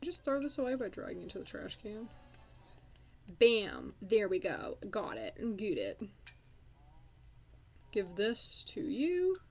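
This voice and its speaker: A young woman gives casual, chatty commentary while playing a life-sim game. She scolds and swears at her characters as she goes, at an ordinary middle pitch. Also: sing-song, slow, long pauses. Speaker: let's play host.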